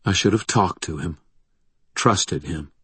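Brief: a male narrator reading first-person fiction, very low, husky, dry studio sound. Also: slow pace, pushed and bright, no echo. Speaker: audiobook narrator.

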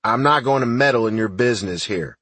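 A man voicing a gruff, blunt older army sergeant in an audiobook, with a husky voice. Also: mid-range voice, fairly quick, fairly bright tone, no room sound.

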